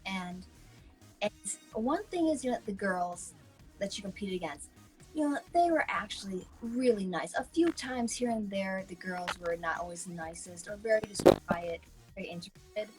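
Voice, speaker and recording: A woman co-hosts a casual online chat, spinning stories with lively ups and downs and slipping into voices for the people she quotes. Her voice is mid-range, the audio is poor, and faint music plays behind her.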